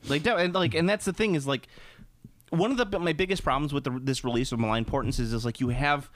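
A man's voice: on the high side, fast talker, dry recording, studio quality. A man co-hosting a casual hobby podcast, rambling and cursing, restarting his sentences often. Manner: rambling, profane, frequent restarts. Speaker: podcast co-host.

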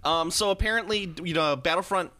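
A man co-hosting a podcast, chatting loosely with a friend. His voice is bright and pressed, and he jokes, swears and trails off mid-sentence before starting over. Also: high-pitched, fairly quick. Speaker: podcast co-host. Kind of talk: casual chat.

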